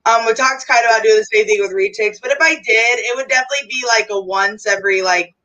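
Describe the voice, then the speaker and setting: A woman's voice: on the high side, fast talker, sharp tone. A woman chatting casually about her snakes, laughing often. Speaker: reptile livestream host. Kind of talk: casual chat. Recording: distant from the mic.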